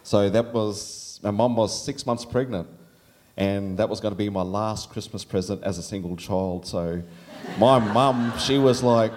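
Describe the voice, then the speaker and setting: On stage at a live storytelling event, a middle-aged Australian man tells a personal story, animated and laughing as he goes. His lowish voice is unhurried, leaping up whenever he quotes his younger self.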